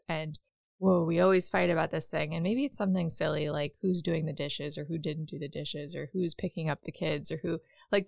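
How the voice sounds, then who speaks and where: A woman's voice: sits low, vocal fry, no echo, studio quality. A woman co-hosting a podcast, giving casual conversational advice with lots of "like". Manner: conversational, many "like" fillers. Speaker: podcast co-host.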